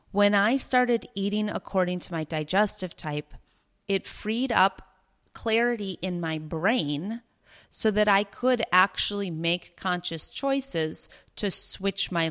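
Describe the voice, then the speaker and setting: A young adult woman hosting a podcast, teaching in an earnest, conversational way and repeating herself for emphasis. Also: fairly low pitch. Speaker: podcast host. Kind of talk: casual teaching monologue.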